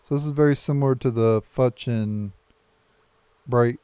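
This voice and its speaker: A man hosting a gaming channel, reading game dialogue aloud for viewers in a plain, unhurried way with small restarts. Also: medium pitch, warm tone, clear, resonant tone, dry recording.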